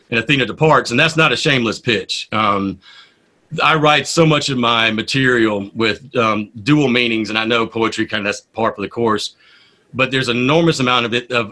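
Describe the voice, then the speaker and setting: A man, a poet and radio host, telling stories in a casual interview with an animated manner. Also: medium pitch. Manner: animated storyteller.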